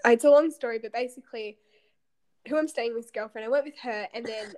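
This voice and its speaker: A woman's voice: a little high, brisk, darkish tone. A young woman, co-hosting a podcast and telling a story in casual chat, giggly and self-mocking. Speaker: podcast co-host. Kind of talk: casual chat between friends.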